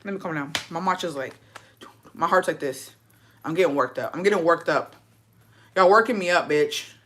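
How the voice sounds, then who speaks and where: A woman's voice: fairly low pitch, a bit bright. A young woman hosting a casual gossip chat, ranting with plenty of swearing and rhetorical questions. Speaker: host.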